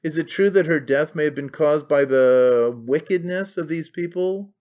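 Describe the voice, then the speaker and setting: A man's voice: on the high side, normal speed, a little mellow, close to an everyday voice. A man reading aloud who voices a sick young woman in labour, scornful and in pain, in a dull lo-fi recording. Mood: angry, anguished. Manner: scornful and imperious.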